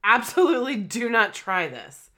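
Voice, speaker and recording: Podcast co-host: a woman with a bright, giggly voice who swears casually. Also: fairly high pitch, sing-song, normal speed. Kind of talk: casual chat, reading out a ritual.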